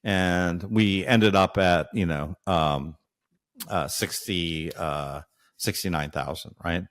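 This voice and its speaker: A man's voice: deep voice, slow, fairly bright tone. A man being interviewed as an analyst, explaining at length while thinking aloud, with many fillers and checks like "right?". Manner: frequent hesitations and fillers. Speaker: guest analyst.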